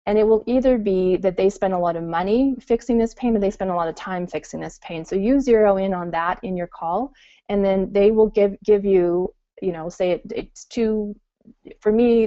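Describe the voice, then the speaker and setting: A middle-aged woman talking casually in an interview and acting out her customers' excited reactions. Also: medium pitch, a little fast, no room sound. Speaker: guest entrepreneur. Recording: muffled call audio.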